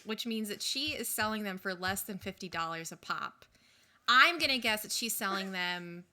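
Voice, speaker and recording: Podcast lady rambling and working stuff out aloud, bright voice. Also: medium pitch. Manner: rambling, reasons things out aloud. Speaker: podcast co-host. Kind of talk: casual book-and-film chat.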